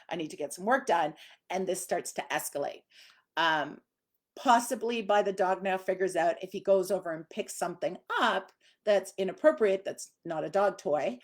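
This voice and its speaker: A middle-aged woman, a dog trainer, teaching casually on a live stream in a chatty, conversational way with lots of fillers. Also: medium pitch.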